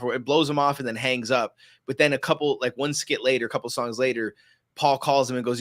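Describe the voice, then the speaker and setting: A man's voice: medium pitch, fairly quick, a bit bright. A man joining a live stream as a guest over a video call, laying out his opinion point by point. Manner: argumentative, lays out points at length. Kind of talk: casual online call chat.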